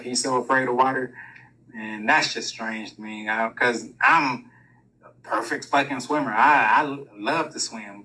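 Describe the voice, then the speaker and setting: A man's voice: mid-range voice, bright, forceful tone, far from the mic, a little hiss or hum, low-quality recording. A man telling a personal story in a casual, rambling monologue, full of swearing. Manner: profane, rambling, laughs through his own story.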